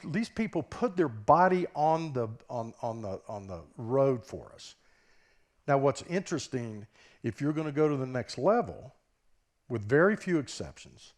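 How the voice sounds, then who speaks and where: Giving a conference keynote on a stage mic, a business professor with a Southern US accent and a mid-range voice speaks conversationally, often checking in with his audience through rhetorical questions.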